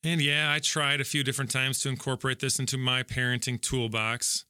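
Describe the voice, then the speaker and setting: A middle-aged man reads scripture and shares his reflections, earnest but conversational, with the odd light joke. His voice is bright and forward, recorded dry and close. The pitch sits in the middle of the range. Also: little pitch movement, brisk, clean tone, dry recording. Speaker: devotional speaker. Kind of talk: Bible reading and devotional reflection.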